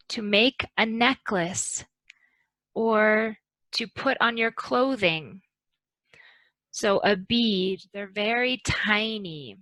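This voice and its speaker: A woman teaching an English pronunciation lesson, speaking slowly and carefully to model intonation. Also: medium pitch, fairly bright tone, no echo, rough recording.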